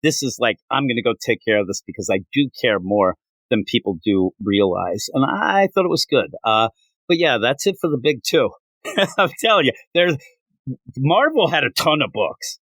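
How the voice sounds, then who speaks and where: A man's voice: mid-range voice, animated, normal speed, gravelly, fairly bright tone, dry recording. A man hosting a comics podcast, talking casually and animatedly, often repeating "I'm telling you.". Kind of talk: casual chat.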